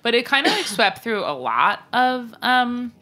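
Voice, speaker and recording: A woman's voice: on the high side, big pitch swings, unhurried, bright, forceful tone. A woman co-hosting a podcast, chatting casually and jokily, rambling with fillers. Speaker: podcast co-host. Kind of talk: casual chat.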